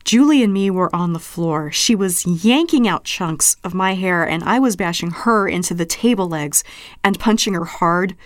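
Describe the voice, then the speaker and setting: A woman's voice: lowish voice, expressive, moderate pace, dry recording, studio quality. A woman reading literary fiction aloud with intense, vivid delivery. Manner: intense, drops to a hushed whisper at moments. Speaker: reader.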